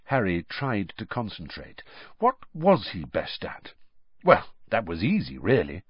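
Husky man narrating a storybook. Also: on the low side, huge pitch swings, unhurried, no room sound. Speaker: audiobook narrator. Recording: muffled lo-fi recording.

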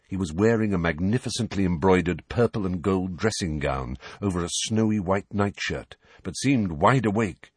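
A man narrating an audiobook in an expressive, varied storytelling manner. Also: low-pitched, husky, dry recording. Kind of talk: scripted narration.

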